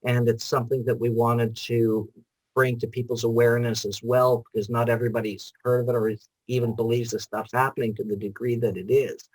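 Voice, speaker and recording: A man's voice: mid-range voice, fairly quick, no echo, low-quality recording. A man hosting a casual interview, speaking easily with plenty of fillers. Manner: relaxed, many "you know" fillers. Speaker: host.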